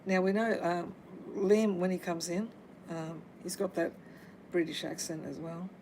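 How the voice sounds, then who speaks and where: A woman speaks casually on a livestream, pausing often with ums and uhs. Her voice sits a little low for a woman. A faint hiss sits under her words. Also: fairly even intonation. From Australia. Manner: halting, full of ums and uhs. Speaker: paranormal livestream host. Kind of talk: casual livestream chat addressing spirits.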